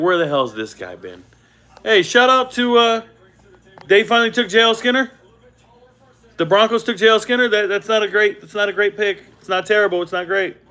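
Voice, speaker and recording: Man, live-stream sports host, animated, excitable, casual chat with viewers, hotel room, makeshift mic. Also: high-pitched. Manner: animated, excitable, trash-talking, repeats himself for emphasis. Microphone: not his usual setup.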